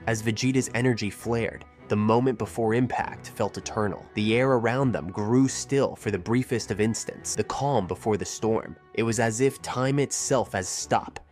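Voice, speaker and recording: A man narrates a scripted fan-fiction battle in a steady, dramatic manner, with a low voice. Faint music plays under his reading. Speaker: storyteller.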